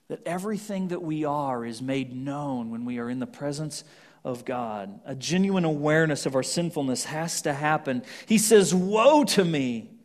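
A man preaching a sermon, swinging from loud emphatic scripture reading to hushed, almost whispered lines. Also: sits high. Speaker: pastor.

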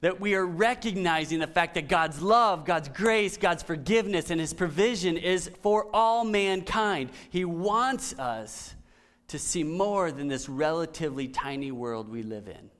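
A middle-aged man preaching a conversational sermon, often dropping to soft, emphatic lines. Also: fairly high pitch, unhurried. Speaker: pastor.

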